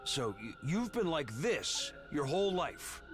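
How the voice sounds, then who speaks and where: A hesitant, probing game youth. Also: male voice, on the high side, big pitch swings, a little slow, over music. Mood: puzzled.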